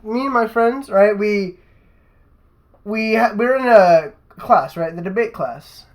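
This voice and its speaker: Young man, high voice, rambling profane storyteller, casual podcast chat, keeps asking "right?". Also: slow pace, low-quality recording. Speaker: podcast host.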